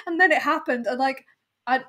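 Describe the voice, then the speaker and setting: A woman in casual chat about a TV episode, measured and hesitant, with many ums and frequent laughs. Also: sits high, bright, forceful tone.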